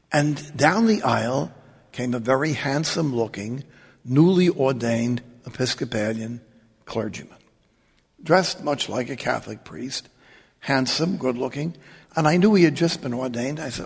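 A gravelly, husky-voiced man, a Catholic priest spinning wry, joking anecdotes. He talks in a lively storytelling way, and his voice carries the long reverb of a big hall. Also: medium pitch, a little slow, pauses often. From New York. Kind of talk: humorous storytelling talk.

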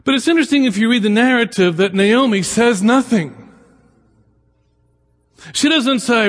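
A man's voice: very high voice, normal speed, long pauses, big-room sound. A middle-aged man giving a conversational lecture, full of anecdotes, asides and rhetorical questions. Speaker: lecturer on the Bible and immigration.

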